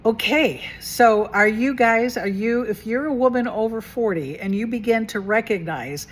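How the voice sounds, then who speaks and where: A woman's voice: fairly high pitch, moderate pace. A woman talking straight to her viewers in a casual self-help vlog as a mentor, chatty, asking rhetorical questions and repeating phrases for emphasis. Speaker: mentor and coach.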